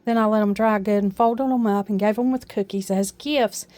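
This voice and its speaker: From her kitchen, an Appalachian-accented woman chats about her decorations in a casual show-and-tell vlog. Her voice is mid-range and darkish, fairly even in intonation at normal speed, and her homey, chatty delivery is sprinkled with "uh."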